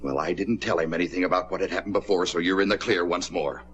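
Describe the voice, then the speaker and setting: A man's voice: low voice, quick pace, fairly bright tone, highs cut off, a little hiss or hum. An actor playing a stern working-class father in a 1950s television drama, scolding and commanding his daughter. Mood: angry, scolding.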